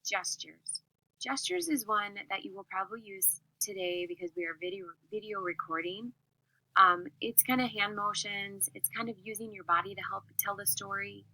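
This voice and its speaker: A woman teacher giving a classroom lesson on public speaking, with a clear, expressive and emphatic delivery. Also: mid-range voice, normal speed, no room sound, rough recording.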